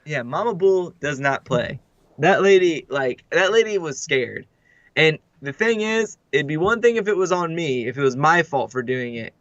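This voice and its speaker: A man's voice: a little high, moderate pace, no echo. A young man co-hosting a casual podcast, telling stories eagerly with many "like" fillers. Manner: animated storyteller, heavy "like" fillers. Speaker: podcast co-host. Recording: dry, dull lo-fi mic.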